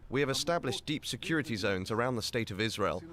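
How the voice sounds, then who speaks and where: A man's voice: medium pitch, animated, fast talker, fairly bright tone. A man politician making a firm, formal statement in a speech clip. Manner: firm, declarative. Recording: archive clip with crowd noise.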